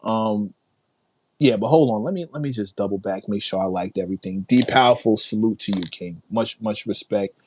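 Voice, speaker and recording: A man's voice: fairly low pitch, normal speed, darkish tone, a little hiss or hum. Hyped, laughing man hosting a livestream. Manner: hyped, laughing, repeats phrases, playful hip hop slang. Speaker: livestream host. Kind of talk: casual livestream chat, reading and reacting to viewer comments.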